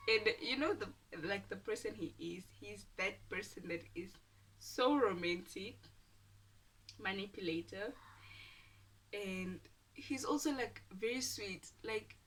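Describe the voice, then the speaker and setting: A young woman from Namibia, telling a storytime with animated, dramatic delivery and whispered asides. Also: mid-range voice, unhurried, recorded from a distance. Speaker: YouTuber. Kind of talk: casual storytime.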